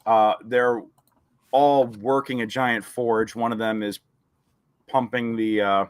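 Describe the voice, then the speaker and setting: A man's voice: mid-range voice, little pitch movement, slow pace, clean tone, dry recording. A man narrating a tabletop game as game master, rambling and hesitant with many fillers.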